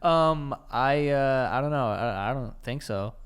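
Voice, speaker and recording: Smooth-voiced young American guy chatting. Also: medium pitch, animated, measured pace. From United States. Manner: rambling, filler-heavy, blunt and crude. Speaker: podcast co-host. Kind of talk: casual chat.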